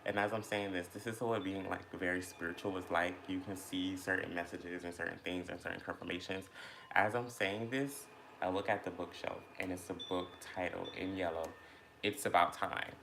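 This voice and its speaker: A man's voice: sits low, steady tone, moderate pace, gravelly, fairly bright tone, a little hiss or hum. A man chatting casually and reflectively while eating, rambling with many fillers as he thinks aloud about feelings. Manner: rambling, filler-heavy, introspective. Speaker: mukbang vlogger.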